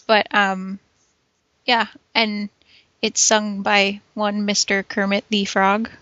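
A woman's voice: medium pitch, level tone, slow pace, a bit bright, no echo. A woman co-hosting a casual chat, chatty and agreeable. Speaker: podcast co-host. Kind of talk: casual chat reviewing TV episodes. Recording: dry, dull lo-fi podcast recording.

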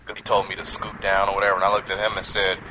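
A man hosting a casual movie podcast, rambling and profane, acting out quotes and laughing loudly. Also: deep voice, completely flat delivery, rapid-fire, background noise.

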